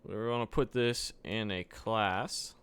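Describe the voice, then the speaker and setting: A man's voice: fairly low pitch, steady tone, slow pace, a bit bright, smooth. A man live-streaming a coding session, thinking aloud, muttering to himself with fillers while he types. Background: keyboard typing and clicks.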